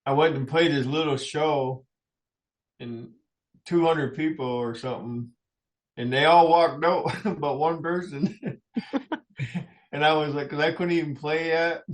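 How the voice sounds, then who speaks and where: A middle-aged man, a musician guest in a radio studio, tells personal stories in a rambling, anecdotal way with frequent chuckles. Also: fairly high pitch. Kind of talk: personal storytelling in a radio interview.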